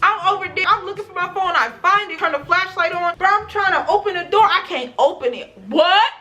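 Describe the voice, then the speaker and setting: Young woman vlogger, high bright voice, animated and profane storyteller. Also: a little fast. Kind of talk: casual storytime vlog.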